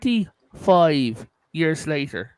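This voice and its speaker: A man hosting a casual podcast, spinning long stories and swearing now and then. His voice is smooth and clear, and it sits a little high. The sound is dry and close. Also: big pitch swings, slow, darkish tone, dry recording. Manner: storytelling, swears, rambling. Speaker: podcast host. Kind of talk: casual chat.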